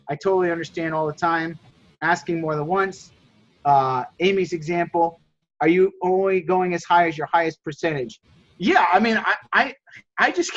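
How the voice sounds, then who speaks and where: Guy with a high voice giving pumped-up sales coaching, repeats himself a lot, dull lo-fi sound. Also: a bit bright. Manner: emphatic, repeats himself, acts out buyer dialogues. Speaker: host coaching phone resellers. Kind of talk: casual group chat coaching.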